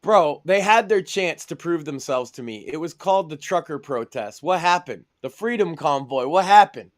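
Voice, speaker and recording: Male podcast co-host, crude and brash, high register, loves mocking impressions. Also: animated, moderate pace. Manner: brash, profane, mocking mimicry. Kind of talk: crude comedic podcast banter.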